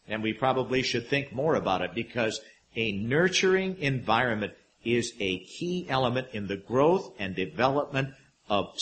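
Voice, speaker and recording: A middle-aged man preaching to his congregation with a very lively, rising and falling pitch. He draws key words out slowly and sinks his voice low and quiet for wry asides. His tone is expressive, with an unhurried pastor's delivery. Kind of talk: sermon.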